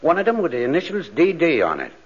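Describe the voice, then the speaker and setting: An actor playing a dim, slangy, tough-talking police officer in a 1940s radio comedy. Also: male voice, a little high, huge pitch swings, fast talker, slightly rough, heavily acted. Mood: suspicious. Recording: muffled 1940s radio broadcast.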